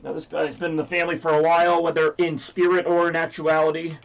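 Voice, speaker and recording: A man's voice: a little high, level tone, quick pace, vocal fry, lo-fi sound. A man with a scratchy voice hosting a livestream, rambling casually and joking with chat. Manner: rambly, jokey, reads chat aloud. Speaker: livestream host.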